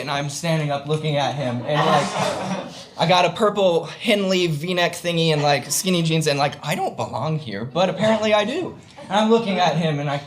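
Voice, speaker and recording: A young man on stage tells an audience a personal story, his voice on the high side and his pace measured, with frequent pauses. He rambles, leans heavily on fillers, and pokes fun at himself.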